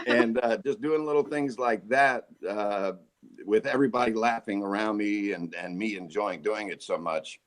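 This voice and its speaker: Brief: low-voiced man in his forties, jokey guest storyteller. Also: moderate pace. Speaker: guest, voice actor. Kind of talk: casual interview chat.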